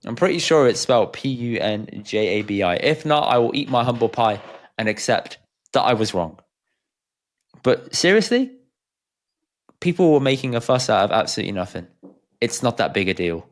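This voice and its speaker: A man co-hosting a podcast in casual chat, relaxed and emphatic, laughing easily. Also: mid-range voice, normal speed, long pauses. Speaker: podcast co-host.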